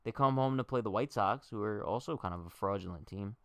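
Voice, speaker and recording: A man's voice: on the low side, fairly quick, clear, resonant tone, dry recording. Chatty young man streaming baseball talk. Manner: chatty, jokey, talks to chat directly. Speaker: livestream baseball host. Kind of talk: casual livestream chat.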